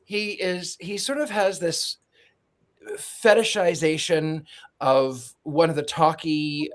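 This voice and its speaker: A man's voice: a little high, steady tone, slow. A man giving a sarcastic, joking movie recap as a podcast panelist.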